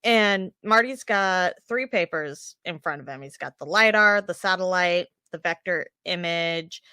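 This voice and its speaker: A woman co-hosting a podcast, chatting casually as she recaps a TV episode, laughing often and thinking out loud. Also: fairly low pitch, unhurried, smooth, dry recording, clean studio sound. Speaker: podcast co-host.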